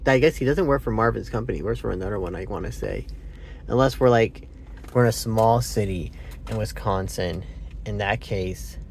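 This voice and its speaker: A man's voice: lowish voice, moderate pace, creaky, slight background noise. A man giving a casual, rambling movie review, meandering with fillers and self-corrections, sounding sleepy. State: sleepy, yawning.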